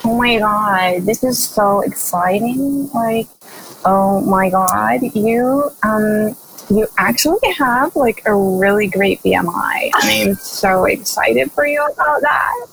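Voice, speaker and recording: A woman's voice: medium pitch, slow pace, creaky, fairly bright tone, slight background noise, rough recording. A woman putting on a gushing valley girl. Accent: Californian valley girl put on. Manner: gushing, full of "like" and "oh my God".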